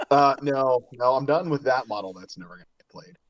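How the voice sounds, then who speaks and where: A man guesting on a casual hobby podcast, relaxed and enthusiastic, laughing easily. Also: mid-range voice, moderate pace, dull audio.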